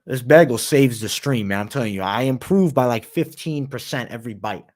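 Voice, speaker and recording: A man's voice: medium pitch, a little fast, darkish tone. A man hosting a live MMA stream, reading viewer comments aloud and talking loosely with slang and swearing, sometimes with his mouth full. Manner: talks while eating. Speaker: MMA analyst and livestream host. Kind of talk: casual livestream chat.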